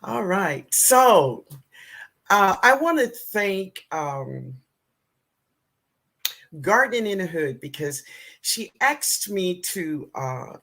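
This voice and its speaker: A woman with a New Orleans accent hosting a casual livestream, greeting viewers warmly and chatting with frequent laughs. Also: mid-range voice, sing-song, very slow, long pauses. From southern United States. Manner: warm, chatty, calls viewers baby, laughs often. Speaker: gardening livestream host. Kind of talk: casual live-stream chat greeting viewers.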